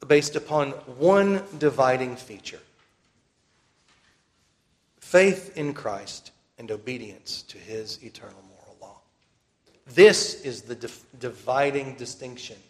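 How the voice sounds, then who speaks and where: A man preaching a sermon in an earnest, emphatic way, slowing down to repeat key phrases. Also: medium pitch. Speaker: pastor.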